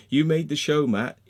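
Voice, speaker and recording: A man's voice: on the high side, darkish tone. A man, ranting angrily and sarcastically to the viewers of his vlog, swearing often and ending his points with "yeah?" or "right?". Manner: heated, sweary, keeps adding "yeah?" and "right?"; sarcastic, mocking. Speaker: vlogger. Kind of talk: angry ranting vlog monologue.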